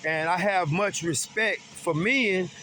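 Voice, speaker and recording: Middle-aged man, earnest and emphatic, high bright voice, faint vehicle noise behind. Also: takes it slowly. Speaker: vlogger. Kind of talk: personal talk about grief.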